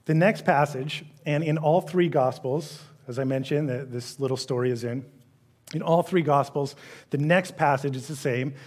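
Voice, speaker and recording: A middle-aged man preaching a sermon with a somewhat high voice. He is animated and acts out the people he quotes, swinging from loud emphasis to hushed asides. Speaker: pastor.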